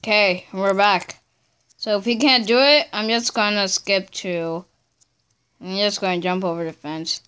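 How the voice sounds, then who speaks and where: A woman's voice: mid-range voice, unhurried, a bit bright, clear, resonant tone. A woman casually commenting on her own gameplay, chatty and talking to herself, breaking into screams when she fails. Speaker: gameplay channel host.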